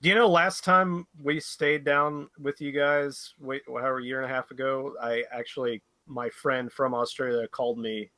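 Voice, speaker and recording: A man's voice: mid-range voice, fairly even intonation, moderate pace, few pauses, pushed and bright, dry recording. A man co-hosting a casual podcast chat, urging listeners to call in. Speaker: podcast co-host.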